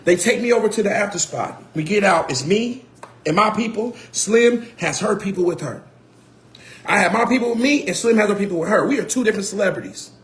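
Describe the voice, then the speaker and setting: High-voiced man ranting in a roomy echo. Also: fairly quick. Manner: animated, repeats phrases, swears, grows heated and shouts. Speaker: R&B singer telling a personal story. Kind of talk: casual storytime vlog.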